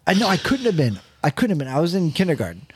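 A man's voice: fairly high pitch, rapid-fire, husky. A young man hosting a podcast, telling crude stories in casual banter with lots of swearing. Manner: animated storytelling, swears a lot. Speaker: podcast host.

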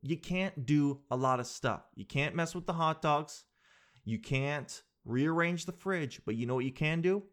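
Performing stand-up, this twentysomething man speaks in a voice on the high side. His delivery is lively and full of slang, and he jumps into rapid impressions of others.

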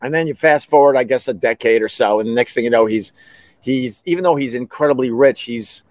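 A man's voice: mid-range voice, brisk, a little mellow, no room sound. A man from the United States hosting a podcast, talking casually in a rambling, sarcastic, wisecracking way. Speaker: podcast host. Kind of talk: casual chat.

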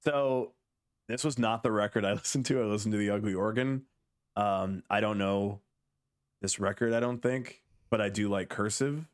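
A man's voice: lowish voice, steady tone, moderate pace. A man in his thirties co-hosting a podcast, rambling and wry with lots of fillers. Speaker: podcast co-host. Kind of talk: casual chat.

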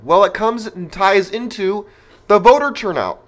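A man's voice: high-pitched, animated, a little slow. A man hosting a podcast, delivering an opinionated monologue in an emphatic, rhetorical manner and speaking straight to his listeners. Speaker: podcast host.

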